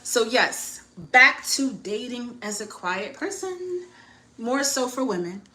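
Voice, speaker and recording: A woman's voice: fairly high pitch, lively intonation, slow pace, pushed and bright, rough recording. A woman with a US Northeast accent giving dating advice in a casual vlog, chatty and frank and often laughing at herself.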